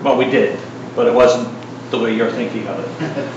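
A middle-aged man preaching a sermon in a casual, joking style, full of asides and lively retellings. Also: medium pitch, moderate pace, very echoey, recorded from a distance, highs cut off, a little hiss or hum.

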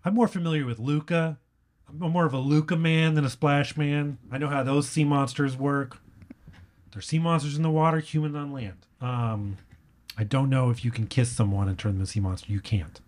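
Male comic guest, deadpan delivery, absurd tangents, mid-range voice. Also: medium pitch, fairly quick. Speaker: comedian guest. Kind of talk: casual podcast chat.

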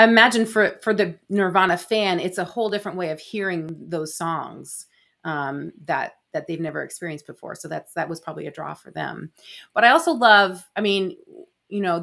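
A woman interviewer with a fairly low voice asks careful, hedged questions. She adds gentle backchannel responses as she listens. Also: a little fast, gravelly. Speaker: interviewer, host. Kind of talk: conversational interview.

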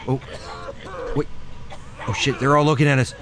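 A man's voice: mid-range voice, normal speed, pauses often, crowd noise. A young man joking and swearing through casual gaming banter with friends. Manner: joking, excitable, swears a lot. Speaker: gamer.

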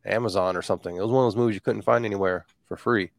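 A man's voice: fairly low pitch, fairly even intonation, very fast, creaky, no echo. A man co-hosting a casual podcast chat, laid back and tossing in dry quips.

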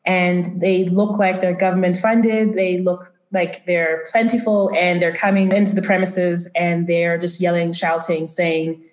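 A woman's voice: on the low side, level tone, unhurried, hardly any pauses, a little mellow. A woman narrating a tabletop role-playing game as game master, with a loose, descriptive manner full of fillers. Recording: roomy echo.

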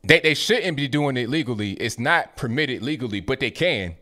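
Male talk show host, mid-pitched, casual, conversational delivery. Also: lively intonation, normal speed, sharp tone. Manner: casual and conversational, some stammered restarts.

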